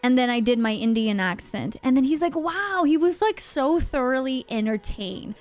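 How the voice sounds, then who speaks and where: High-voiced chatty woman streamer. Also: moderate pace. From Bahrain. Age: over 25. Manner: chatty and animated, acting out quoted voices. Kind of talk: casual storytelling to a live chat.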